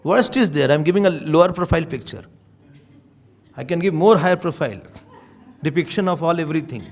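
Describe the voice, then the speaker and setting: A man giving a spiritual sermon, animated and acting out little scenes as he teaches. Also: on the high side, brisk. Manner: animated, acts out little scenes, chuckles often. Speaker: swami giving spiritual talks.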